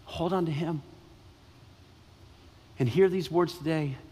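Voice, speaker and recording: A male pastor preaching a sermon with impassioned, repetitive phrasing and long pauses. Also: fairly high pitch, warm tone, slightly rough, long reverb tail.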